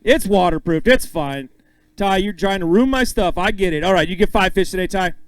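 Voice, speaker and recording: High-voiced upbeat male emcee. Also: lively intonation, dry recording, low-quality recording. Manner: upbeat, joking, calls names with drawn-out emphasis. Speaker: tournament weigh-in emcee. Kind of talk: live emcee announcing with banter.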